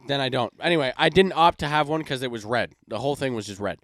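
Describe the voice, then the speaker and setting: A young man co-hosting a casual comedy podcast, telling stories in an animated way with heavy swearing. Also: mid-range voice, fast, dry recording. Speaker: podcast co-host.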